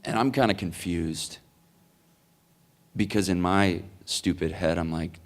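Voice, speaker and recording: A man's voice: sits low, a little slow. A man answering audience questions at a conference, earnest and rambling, with many fillers and restarts. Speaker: conference speaker. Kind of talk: Q&A answer, storytelling. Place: conference hall.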